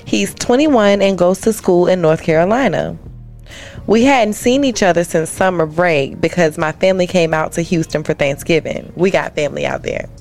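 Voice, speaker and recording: A woman's voice: fairly low pitch, normal speed, darkish tone, soft background music. A woman guest co-host on a comedy podcast, reading a listener's letter aloud and breaking into playful asides and laughter.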